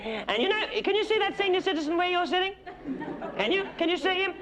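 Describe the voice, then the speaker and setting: Quick-paced and expressive, this extremely high voice belongs to a man playing a condescending, effusive middle-aged Australian housewife superstar on stage. He trades backhanded compliments with a loud live theatre audience whose noise fills the background.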